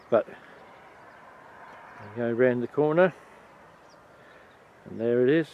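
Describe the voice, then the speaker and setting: A man narrates his outdoor video in an easy, descriptive way. The sound is muffled and lo-fi, recorded in the open air by the marshes. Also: medium pitch. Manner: relaxed, descriptive.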